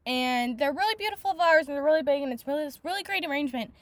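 A woman hosting a book podcast rants in exasperation, swearing often and saying "like" constantly in a casual review monologue. Her high, bright voice is expressive and rapid-fire, recorded with no room sound.

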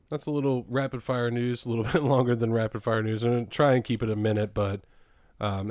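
A man's voice: lowish voice, a little mellow, no room sound, clean studio sound. A man co-hosting a casual podcast, rambling with frequent laughs and casual swearing. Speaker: podcast co-host.

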